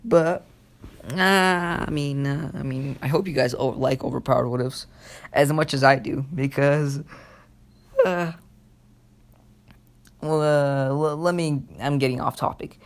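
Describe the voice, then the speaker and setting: A man's voice: fairly high pitch, steady tone, unhurried, gravelly, pauses often. A sleepy, yawning man casually retelling a fan story, rambling with lots of fillers.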